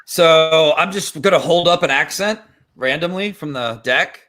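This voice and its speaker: A man's voice: a little high, a little slow, fairly bright tone. A man hosting a casual game stream, joking and rambling as he explains a card game. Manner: joking, rambling, laughs often. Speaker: stream host.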